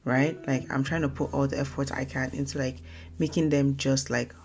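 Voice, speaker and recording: A young woman from Nigeria hosting her own casual podcast, talking fast and rambling, often correcting herself mid-sentence. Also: very deep voice, little pitch movement, vocal fry, darkish tone. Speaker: podcast host. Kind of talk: casual solo podcast talk.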